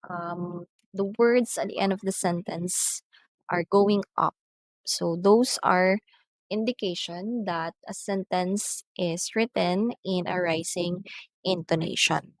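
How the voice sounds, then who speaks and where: A woman's voice: fairly low pitch, no echo. A woman English teacher giving a recorded lesson on intonation and reading numbered example sentences aloud. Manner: says "so" at the start of many lines.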